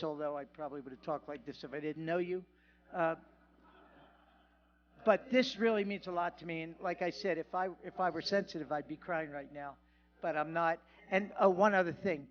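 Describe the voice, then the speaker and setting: A man's voice: high voice, muffled recording. A man giving a humorous award acceptance speech at a banquet, telling a self-deprecating story with jokes. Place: banquet hall.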